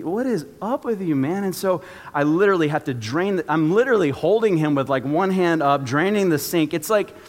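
A man's voice: fairly high pitch, big-room sound. A man preaching a sermon as pastor, telling a personal story with acted-out asides.

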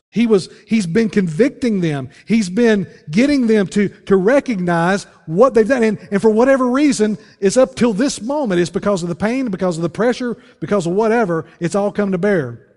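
A man preaching as pastor, earnest, often dropping low and quiet to press a point. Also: expressive, moderate pace, long reverb tail. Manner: earnest preaching, voice drops low and soft on key phrases. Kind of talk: sermon.

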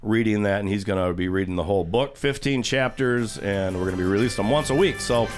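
A man's voice: fairly low pitch, fast, soft background music. A man hosting a radio show, casually rambling and telling a long joke in a chatty way. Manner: rambling storyteller, chuckles. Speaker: radio host.

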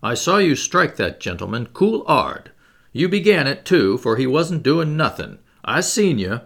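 A man puts on a stern middle-aged bobby, pitched up and pushed loud. He barks out ungrammatical orders in a gravelly voice. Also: big pitch swings, a little slow, exaggerated voice. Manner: stern, ungrammatical working-class speech. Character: blunt London police constable, middle-aged man.

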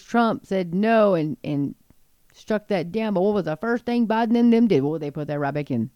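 A middle-aged woman with a warm, mid-range voice and some vocal fry offers impassioned Christian commentary on the news. She reads quotes aloud and cuts in with indignant asides. The recording is dry.

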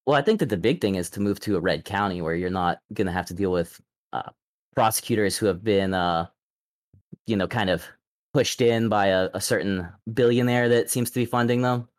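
A man calling in to a live show as a prosecutor, speaking in a measured, hesitant way with fillers. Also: lowish voice, dry recording, clean studio sound. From Texas. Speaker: caller, prosecutor. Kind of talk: casual call-in chat.

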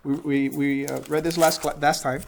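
A man with a high voice teaching a Bible class. He talks with animation and keeps firing questions at his listeners. He asks them to answer back as he explains each verse. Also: little pitch movement, normal speed, creaky, a little hiss or hum.

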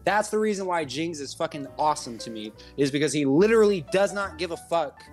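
A man's voice: on the high side, expressive, fairly quick, faint music behind. A man co-hosting a stream in casual chat, rambling and emphatic, often repeating himself. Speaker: stream co-host.

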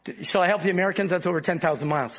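A man preaching a sermon with fervor, breaking into shouts and then dropping low to talk with the congregation. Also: racing, lo-fi sound.

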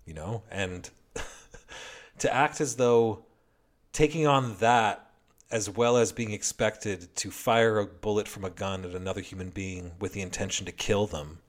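A man's voice: fairly low pitch, unhurried. A man giving a heated, heavily profane and sarcastic political commentary rant.

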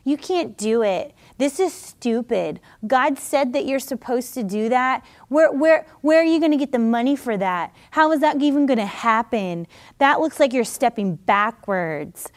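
A woman putting on a hushed, sneering demonic voice. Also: slow pace, gravelly, hardly any pauses. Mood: mocking. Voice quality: low, hushed, mocking. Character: sneering demonic spirit taunting believers. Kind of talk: sermon teaching.

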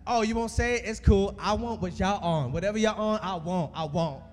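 A man's voice: high-pitched, a little fast, pitched above the performer's own voice, natural voice. A man voicing a pushy, teasing young female coffee-shop cashier in a story from the pulpit. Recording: echoey hall with music behind.

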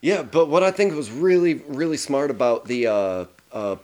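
A man co-hosting a casual movie review chat, swearing freely and pausing on fillers. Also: mid-range voice, a little mellow. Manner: profane, hesitant with fillers. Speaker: podcast co-host.

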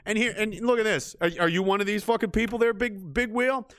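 A man's voice: sits high, brisk, fairly bright tone, no echo, studio quality. A man ranting sarcastically and with heavy swearing as he comments on news stories during a live stream. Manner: profane, sarcastic, mocking.

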